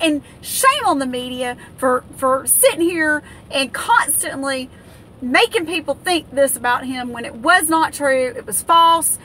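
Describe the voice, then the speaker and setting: A woman's voice: sits high, pushed and bright, a little hiss or hum. An American woman in an angry, indignant political rant, stumbling over fillers and restarts as she vents. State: livid. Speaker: political vlogger.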